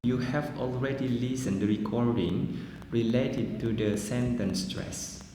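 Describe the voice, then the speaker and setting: A man whose first language is Indonesian, giving a pronunciation lecture in English, explaining slowly and deliberately with asides like "well, everyone". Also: medium pitch, steady tone, dark tone. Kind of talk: recorded classroom lecture. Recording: echoey long-reverb room, faint noise.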